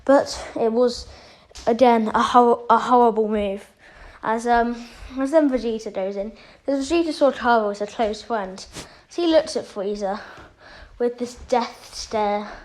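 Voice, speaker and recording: A woman's voice: fairly high pitch, unhurried, darkish tone, rough recording. A woman casually retelling a fan story, rambling with many fillers.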